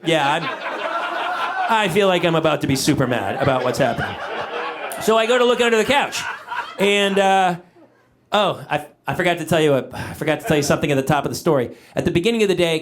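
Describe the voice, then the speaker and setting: A middle-aged male stand-up comedian telling a family story in an exasperated, animated way on stage. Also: on the high side. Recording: live audience laughter.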